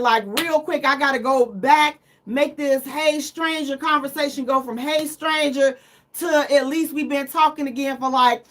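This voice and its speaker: A woman's voice: sits high, a bit bright. A middle-aged woman hosting a live radio talk show, telling teasing, self-mocking stories in a casual chat.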